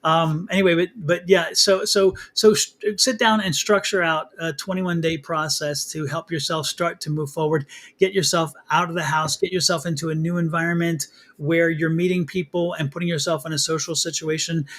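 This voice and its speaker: Man, high voice, psychic host, chatty, teasing, repetitive. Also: steady tone, moderate pace, fairly bright tone. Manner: chatty, teasing, repeats himself. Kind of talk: live tarot reading chat.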